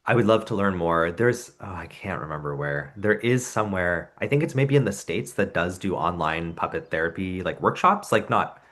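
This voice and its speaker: Deep-voiced man telling stories. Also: expressive, moderate pace, few pauses, a bit bright. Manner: thoughtful storyteller, acts out anecdotes. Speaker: professional puppeteer, podcast guest. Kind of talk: casual interview chat.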